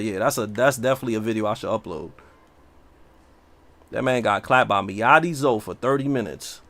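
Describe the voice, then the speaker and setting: A man's voice: medium pitch, dry recording. A man chatting casually and brashly while streaming a game. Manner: brash, slangy, animated. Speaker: livestreamer. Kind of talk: casual gaming stream talk.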